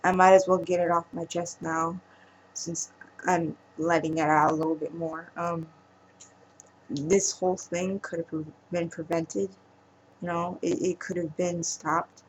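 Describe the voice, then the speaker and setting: A woman speaking in a personal vlog monologue, halting and emotional, trailing off with pauses. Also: fairly low pitch, slight background noise, poor audio. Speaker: vlogger.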